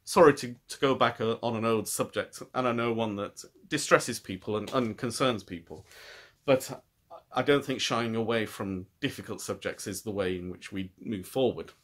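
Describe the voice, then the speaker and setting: A man's voice: on the low side, normal speed, fairly bright tone. A British man hosting a knitting podcast, talking in a thoughtful, rambling way with frequent restarts. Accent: British English. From United Kingdom. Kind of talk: casual chat.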